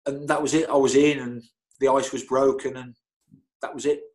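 A middle-aged man, a football physio, telling anecdotes in an interview with lively energy, often stammering and repeating words. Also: mid-range voice, moderate pace, rough recording. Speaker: football club physio, guest.

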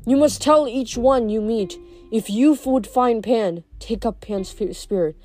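A woman voicing an ancient, fading male nature god, speaking softly and sorrowfully. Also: a little high, soft background music, close to an everyday voice. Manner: soft, slow, sorrowful delivery.

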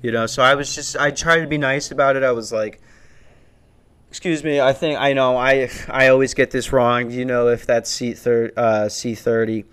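A man's voice: mid-range voice, steady tone, moderate pace, a bit bright, smooth. A man in his twenties telling a rambling, profane stand-up story that builds into a worked-up rant. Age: 20s. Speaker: stand-up comedian.

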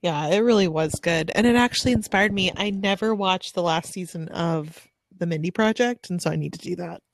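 Woman, thirties, casual book chat, laughs a lot, fairly low voice, dry close sound. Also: brisk, dry recording. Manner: laughs often, animated when quoting her kids. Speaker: podcast co-host.

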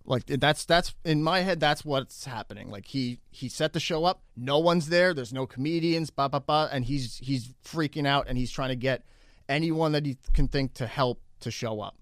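A comedian appearing as a guest tells a story casually and animatedly, acting out what people said and using lots of fillers. His voice is medium in pitch at a moderate pace. The studio sound is clean, with no room sound.

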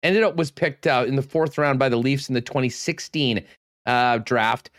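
A man hosting a sports talk show, energetic and loose, saying he is losing his voice. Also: mid-range voice, moderate pace. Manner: energetic, loose, with many fillers. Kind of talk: casual radio sports talk.

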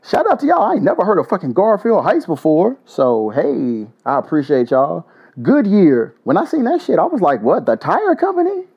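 Profane lively-voiced man hosting a podcast. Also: fairly high pitch, normal speed, creaky, slightly rough. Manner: profane, blunt, joking shout-outs. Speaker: podcast host. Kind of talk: casual solo podcast. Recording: dull lo-fi audio.

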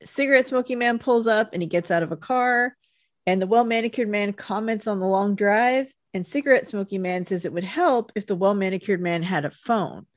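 A woman's voice: medium pitch, dry recording, clean studio sound. Easygoing woman recapping with wry asides. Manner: easygoing narrating, laughs often, wry asides. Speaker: podcast co-host. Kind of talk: casual chat recapping a TV episode.

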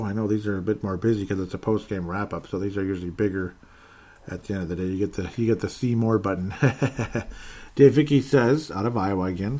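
A man's voice: on the low side, warm tone. A man hosting a casual sports talk show, reading listener comments aloud and chatting with frequent laughs. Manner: puts on a joking Canadian accent briefly. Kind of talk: casual sports podcast chat.

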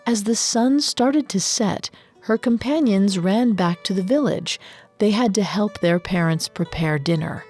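A woman narrating a story in a slow, dramatic storytelling manner. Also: mid-range voice, a little mellow, faint music behind.

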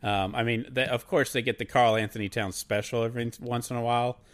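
A man co-hosting a casual sports podcast, animated and mocking, laughing as he talks. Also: medium pitch, fast. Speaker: podcast co-host.

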